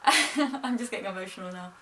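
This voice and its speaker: A young woman vlogs casually, telling a story in a chatty, gushing manner and voicing other people's lines herself. Her mid-range voice is expressive and sharp, at a moderate pace, heard from a distant mic with faint noise.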